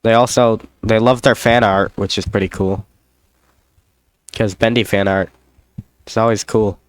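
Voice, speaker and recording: Young guy rambling on his vlog, slow and lowish, dry close sound, cracks jokes at himself. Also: steady tone, clear, resonant tone, no room sound. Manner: meandering, self-deprecating, jokey asides. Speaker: YouTuber. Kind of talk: rambling solo vlog chat.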